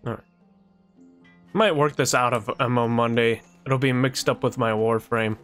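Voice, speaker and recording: A man's voice: mid-range voice, fairly even intonation, normal speed, a bit bright, clean tone, soft background music. A man streaming a video game live, chatting casually and thinking aloud as he plays. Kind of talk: casual live-stream chat while gaming.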